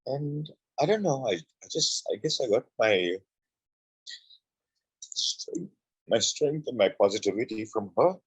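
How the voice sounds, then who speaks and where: A man's voice: medium pitch, very animated, unhurried, pauses often, slightly rough, no room sound, low-quality recording. A middle-aged man telling his personal story as an interview guest, heartfelt and repeating phrases for emphasis.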